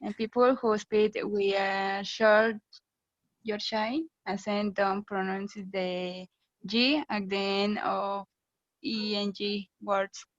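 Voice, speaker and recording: A young woman whose first language is Spanish presents to her class in slow, hesitant English, stopping often on fillers. The sound is dry and close, on a dull, lo-fi recording. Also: mid-range voice, level tone, no echo. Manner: hesitant, halting, with many fillers. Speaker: student presenter.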